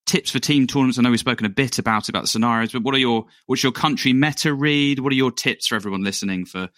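A man's voice: medium pitch, fairly bright tone, dry recording. Man hosting a podcast, dry sound. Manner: halting questions with restarts. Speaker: podcast host. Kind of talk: casual podcast chat.

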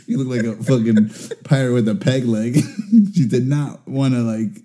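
Young man, very dark mellow tone, profane and self-mocking, casual storyteller. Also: medium pitch, slow pace, slight background noise.

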